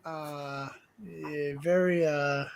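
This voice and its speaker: A man's voice: a little high, steady tone, drawn-out words, creaky, clean tone. An Australian man hosting a casual livestream chat, rambling and laughing often, repeating words as he talks. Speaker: livestream host.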